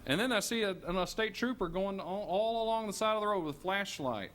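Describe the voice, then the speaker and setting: A man telling a personal story in a lively way, stammering and restarting as he goes. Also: high-pitched, a little fast, slight background noise. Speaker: storyteller giving a testimony.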